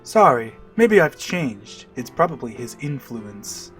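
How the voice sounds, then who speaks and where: A man reading the lines of a gruff, guarded male mercenary from a video game in a curt, flat way. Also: medium pitch, slow, soft background music.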